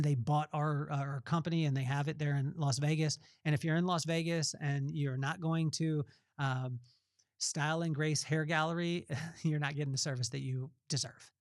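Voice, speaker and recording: A man's voice: fairly high pitch, dry recording, clean studio sound. A man hosting a podcast, giving a faith-based motivational talk in a conversational way and repeating phrases for emphasis. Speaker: podcast host.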